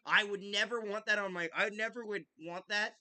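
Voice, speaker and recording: Excitable young man with a bright, high voice. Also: normal speed. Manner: chatty and excitable, jokes with a friend. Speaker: podcast host. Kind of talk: casual live game-watch chat.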